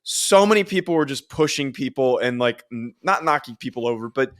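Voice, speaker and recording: A man's voice: mid-range voice, lively intonation, a little fast. A young man co-hosting a sports podcast, telling stories in a rambling, self-deprecating way with many restarts. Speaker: podcast co-host. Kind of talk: casual chat.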